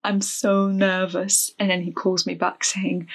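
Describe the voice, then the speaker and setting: A young woman recounting a story for her vlog in a loose, chatty way. She talks with lots of ums, restarts and asides. Her voice sits at an ordinary middle pitch for a woman. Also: measured pace, vocal fry. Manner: chatty, animated retelling with many fillers and restarts.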